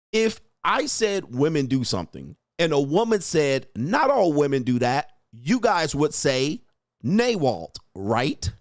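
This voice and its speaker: Young streamer guy ranting at chat, cussing, mocking, laughs a lot, kinda high voice, dead dry sound. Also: no echo. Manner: profane, mocking, laughs often, confrontational. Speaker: streamer host. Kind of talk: livestream rant reading chat.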